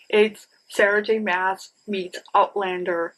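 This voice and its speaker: A woman's voice: a little high, fairly even intonation, a little slow, a bit bright, poor audio. A woman in her thirties chatting casually to viewers about her new books, rambling and enthusiastic, often saying "you guys.". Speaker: book vlogger. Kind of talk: casual book haul chat.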